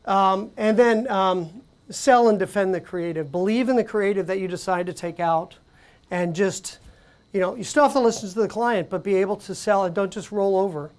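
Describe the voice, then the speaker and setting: A woman presenting at a conference, speaking conversationally with animated storytelling and frequent fillers. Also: medium pitch, moderate pace. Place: conference venue.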